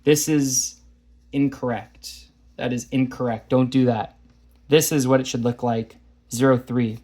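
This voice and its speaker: Warm and steady, this man's mid-range voice moves unhurriedly through graphing problems in a math lesson. He keeps the casual walkthrough chatty and self-deprecating.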